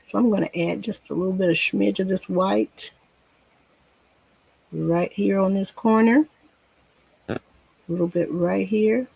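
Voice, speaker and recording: Gravelly, slow woman painting. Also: mid-range voice, steady tone, mellow, no echo. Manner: chatty, talks to herself while painting, folksy. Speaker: painting instructor. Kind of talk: casual painting tutorial.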